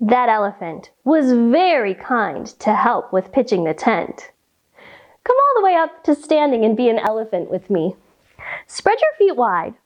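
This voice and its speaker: A woman reading a picture book aloud and leading children through yoga poses in a slow, sing-song, animated way. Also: fairly high pitch, highs cut off. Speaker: kids' yoga teacher reading a story. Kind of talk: storytime yoga lesson for children.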